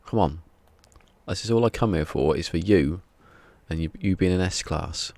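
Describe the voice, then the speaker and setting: A man's voice: low voice, normal speed, a little mellow. A man chatting casually on a live game stream, rambling and wry, often muttering asides to himself.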